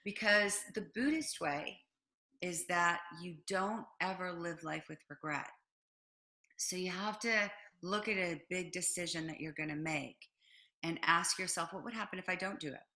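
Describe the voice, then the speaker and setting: This interview guest, a middle-aged business owner, narrates a personal story animatedly, acting out what people said and using plenty of fillers. Her voice is on the low side, at a normal speed.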